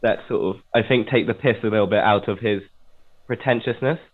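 A man from England co-hosting a casual talk about poetry. He speaks in a measured, hedging way and thinks aloud as he explains. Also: fairly low pitch. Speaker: podcast co-host. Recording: tinny phone-like line.

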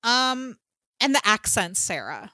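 A woman's voice: a little high, sing-song, takes it slowly, pushed and bright, no echo. A woman co-hosting a podcast, talking casually and animatedly about a film and swearing freely. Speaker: podcast co-host. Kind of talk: casual film-review chat.

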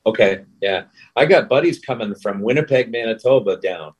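A man's voice: lowish voice, animated, moderate pace, breathy edge. A man, a guest voice actor and musician, chatty and joking in a casual interview over a remote call. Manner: chatty and jokey.

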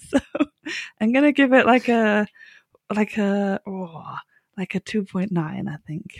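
A woman's voice: medium pitch, expressive, slow, long pauses, no room sound, clean studio sound. A woman co-hosting a podcast in casual chat, laughing often and restarting her sentences. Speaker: podcast co-host. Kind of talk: casual chat reviewing a TV episode.

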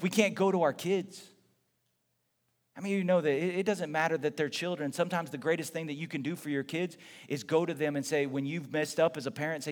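A man's voice: on the high side, fast. A middle-aged man preaching a conversational sermon, firing off rhetorical questions and acting out short quotes. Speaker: pastor. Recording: long hall reverb.

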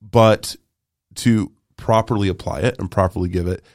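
A man's voice: low voice, steady tone, normal speed, darkish tone, no echo, clean studio sound. A man hosting a podcast, asking rambling, hesitant questions full of fillers. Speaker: podcast host. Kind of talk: casual podcast conversation.

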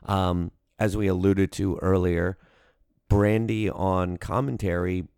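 A podcast co-host with a low, slightly mellow, clear and resonant voice chats casually, rambling with plenty of fillers and restarts. The recording is dry, with clean studio sound.

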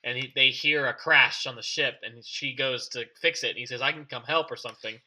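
Man, podcast co-host, casual chat, laughs a lot, very bright tense voice. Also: medium pitch, fairly even intonation, fairly quick. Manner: laughs often, short reactions.

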